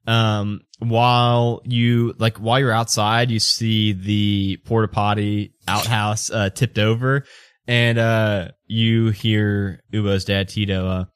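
A man's voice: lowish voice, flat delivery, takes it slowly, smooth, dry recording, studio quality. A man narrating as game master of a tabletop game, casual with many fillers.

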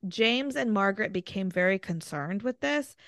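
A woman's voice: mid-range voice, moderate pace, no echo. Chatty woman storyteller, dry close sound. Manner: animated, filler-heavy storytelling. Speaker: podcast co-host. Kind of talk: casual storytelling chat.

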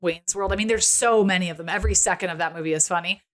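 A woman's voice: on the low side, fast. Blunt, wry woman host asking questions. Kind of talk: casual chat.

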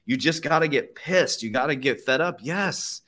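A man's voice: fairly high pitch, animated, moderate pace, bright, forceful tone. A man hosting a casual podcast conversation, talking in a fired-up, profane, motivational way and laughing often. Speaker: podcast host.

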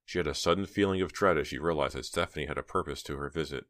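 A man narrating an audiobook in a steady, measured reading. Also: rumbling low, dry recording. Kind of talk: scripted narration.

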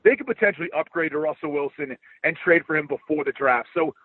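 A man calls in over a thin, phone-like line. He analyzes football in a relaxed, conversational way, with filler ums. His voice is a little high and sounds dry. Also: fast talker, breathy edge, dry recording. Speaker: guest analyst. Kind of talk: casual sports analysis. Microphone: phone call.

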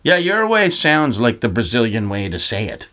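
A man's voice: mid-range voice, very animated, moderate pace, bright, forceful tone. A man co-hosting a casual comedy chat, teasing his friend playfully and laughing easily. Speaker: podcast co-host.

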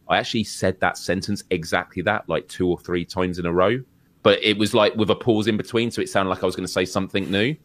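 Deep-voiced British man musing aloud. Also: steady tone, fast talker, fairly bright tone, no echo. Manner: reflective, rambling, with repetitions. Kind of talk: casual chat.

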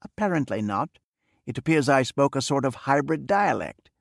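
A man reading the part of a wealthy, reserved middle-aged man who speaks in a measured, formal way. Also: mid-range voice, big pitch swings, gravelly, no room sound, studio quality. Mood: earnest. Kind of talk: audiobook character reading.

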